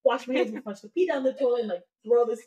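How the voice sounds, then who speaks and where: A woman guest in a podcast interview, telling a personal story in a lively way, full of fillers and acted-out thoughts. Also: on the high side, fast talker, recorded from a distance, lo-fi sound. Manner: animated, lots of "like" fillers, acts out her own thoughts.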